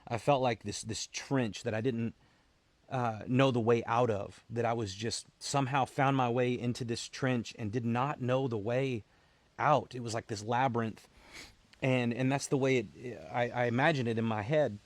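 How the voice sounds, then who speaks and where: A man, a military veteran, telling a personal story in an earnest, halting way, often repeating words as he restarts. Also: medium pitch, steady tone, dry recording. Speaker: military veteran, founder of a veterans' support group.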